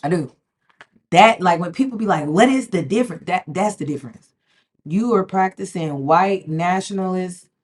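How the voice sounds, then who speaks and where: A woman's voice: low-pitched, darkish tone. A woman, talking casually and emphatically to camera as a spiritual vlogger, repeating herself and often asking "okay?". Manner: emphatic, repeats words, keeps checking in with "okay?". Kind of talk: casual direct-to-camera talk.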